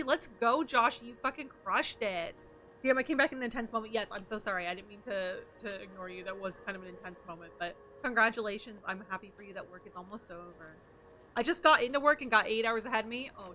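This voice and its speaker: A woman's voice: mid-range voice, sharp tone, a little hiss or hum. A woman streamer chatting playfully with her viewers while playing a game and answering their messages. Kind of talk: casual chat while playing.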